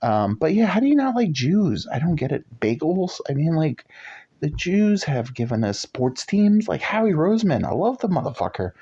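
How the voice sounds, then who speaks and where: A man's voice: fairly high pitch, big pitch swings, moderate pace, husky. A man hosting a casual chat show, talking in a rambling, crude and profane way. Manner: rambling, crude and profane, swings into loud put-on voices. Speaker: podcast host. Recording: dull lo-fi recording.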